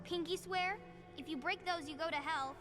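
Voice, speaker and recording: Little girl game role: very high, solemn, insistent. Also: moderate pace, sharp tone, faint music behind. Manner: demanding, solemn.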